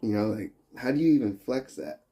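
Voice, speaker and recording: A man's voice: on the low side, big pitch swings, a little fast, warm tone, husky. A young adult man livestreaming, chatting with his viewers in a teasing, profane, joking way. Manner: profane, teasing banter with frequent laughs. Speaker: livestreamer reading chat. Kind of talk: casual livestream chat.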